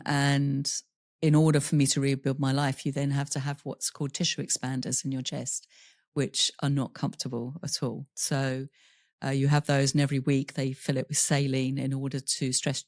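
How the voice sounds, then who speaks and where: A woman with a very deep voice and little pitch movement speaks at normal speed in studio-quality audio with no echo. As a podcast interview guest, she candidly tells a personal story, laughing through painful memories and voicing other people in quoted dialogue.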